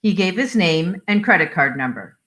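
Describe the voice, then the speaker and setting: A woman reading a short story aloud for adult listeners, in a measured storytelling manner. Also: on the low side, expressive, fairly bright tone. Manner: measured storytelling with voiced dialogue. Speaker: library story reader.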